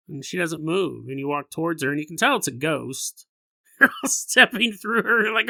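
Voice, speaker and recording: A male podcast host telling a story casually on a close mic, animated and laughing often as he riffs. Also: fairly high pitch, moderate pace, creaky, dry recording.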